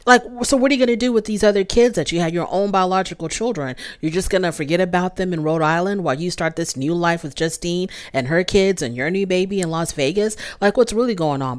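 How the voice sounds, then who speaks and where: A woman with a slightly low voice talks through a reality show episode in a casual recap. She sounds fed up, scolding the people on screen as if they could hear her. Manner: exasperated, scolding the cast directly. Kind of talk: casual review commentary.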